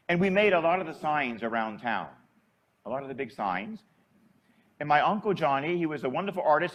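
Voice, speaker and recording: High-voiced priest telling a folksy story. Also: male voice, fairly bright tone. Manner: folksy, conversational, chuckles while telling. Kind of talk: storytelling homily.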